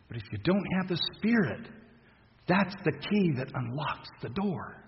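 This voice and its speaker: Man preacher, conversational sermon, halting delivery, long church reverb, slightly muffled recording. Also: on the high side, big pitch swings, vocal fry, a little hiss or hum. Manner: conversational, halting with restarts and soft laughs.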